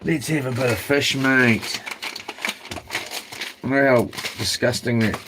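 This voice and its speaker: A man's voice: mid-range voice, fairly even intonation, slow pace, background noise. A man with a New Zealand accent, rambling and slangy as he vlogs from a houseboat. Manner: rambling, slangy, self-talking. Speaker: vlogger. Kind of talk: casual chat to camera. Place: houseboat on the ocean.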